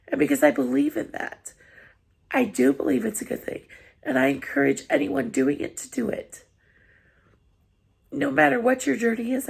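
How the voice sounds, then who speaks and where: Tearful woman with a gravelly, husky voice. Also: on the high side, darkish tone. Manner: earnest, apologetic, encouraging. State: tearful after crying. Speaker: vlogger. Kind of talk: heartfelt personal vlog talk.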